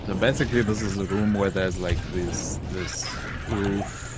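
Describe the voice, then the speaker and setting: A man's voice: fairly low pitch, fairly even intonation, a little slow, heavy background noise. A man streaming a game from home, chatting easily with a friend and laughing at himself. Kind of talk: casual gaming chat.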